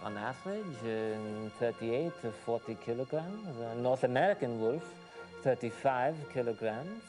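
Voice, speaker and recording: An actor with a posh British accent playing a polite German university lab worker, speaking calmly and precisely. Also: male voice, mid-range voice, unhurried, over music, lightly acted. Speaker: lab assistant.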